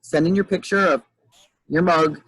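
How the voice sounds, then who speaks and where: Husky woman in her fifties hosting. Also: on the low side, steady tone, moderate pace, no room sound, low-quality recording. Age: 50s. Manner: rambling, restarts often. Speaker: host, life coach. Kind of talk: casual livestream chat. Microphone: video call.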